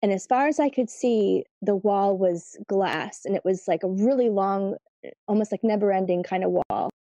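A woman recounting a personal story as an interview guest, rambling loosely with plenty of "like" and "um". Her voice is mellow and soft-edged, recorded close and dry. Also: medium pitch, moderate pace, no room sound. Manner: chatty, lots of fillers, "like" and "you know".

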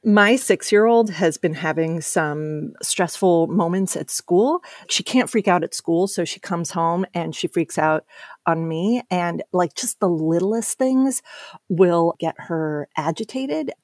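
A woman telling a candid, animated story about her daughter, with self-deprecating humor. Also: lowish voice, slow pace, no room sound, clean studio sound.

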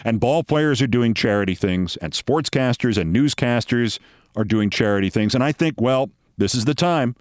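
A man's voice: mid-range voice, expressive, normal speed, no room sound, studio quality. A man, a podcast host telling a wry anecdote and acting out the voices of the people in it. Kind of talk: storytelling monologue.

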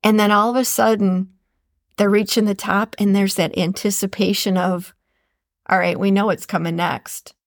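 A woman's voice: medium pitch, little pitch movement, moderate pace, creaky, no room sound, studio quality. A woman hosting a motivational podcast, speaking earnestly and repeating phrases for emphasis. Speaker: podcast host. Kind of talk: motivational monologue.

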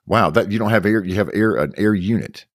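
A man co-hosting a podcast in casual chat, quick and joking, cutting in with questions. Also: fairly low pitch, dry recording, clean studio sound. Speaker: podcast and radio host.

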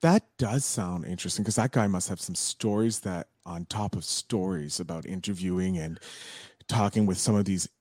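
Male host: very deep, relaxed and affirming, dry close mic. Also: moderate pace, dry recording. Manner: easygoing, affirming, filler-heavy. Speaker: podcast host. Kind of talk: casual interview.

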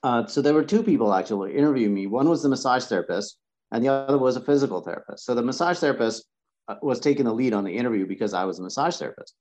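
A man who works as a massage therapist, a podcast guest telling his career story in a conversational way, often restarting words and clearing his throat. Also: medium pitch, lively intonation, rapid-fire, a little mellow. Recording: dull lo-fi sound.

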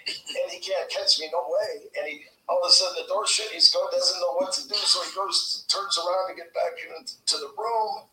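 A man's voice: high voice, steady tone, normal speed, bright, forceful tone, a little hiss or hum. A man telling a rambling, laughing anecdote and acting out the other people in it, heard as a played clip. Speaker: storytelling guest. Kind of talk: animated anecdote. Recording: distant echoey clip with faint TV ambience.

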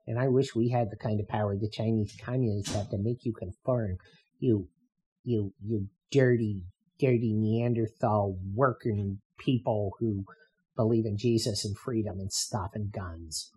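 A man putting on the voice of a smug, condescending elitist scold, slow and sneering. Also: on the low side, steady tone, mellow, slight background noise, natural voice, poor audio. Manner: mocking, slow sneering delivery.

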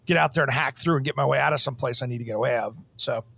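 A man's voice: mid-range voice, racing, vocal fry, pushed and bright. A man hosting a podcast, telling rambling stories in a casual, easygoing way and laughing easily. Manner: chatty, rambling storyteller who laughs easily. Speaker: podcast host. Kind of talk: casual chat.

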